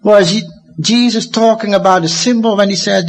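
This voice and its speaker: A Dutch man in his fifties giving a lecture, talking emphatically and swinging from excited high bursts to low, quiet asides. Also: moderate pace. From Netherlands. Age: 50s.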